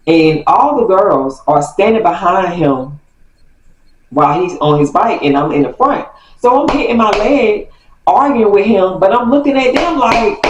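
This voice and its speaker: A woman vlogger telling a story from her youth, animated and acting out the quotes. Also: mid-range voice, unhurried, noisy background. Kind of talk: casual storytime. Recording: roomy, distant mic.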